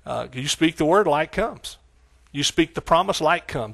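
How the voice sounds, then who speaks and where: A middle-aged man with a Texan accent preaching a sermon, exclaiming hallelujah and swinging between loud outbursts and hushed asides. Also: a little high, lively intonation, unhurried, creaky.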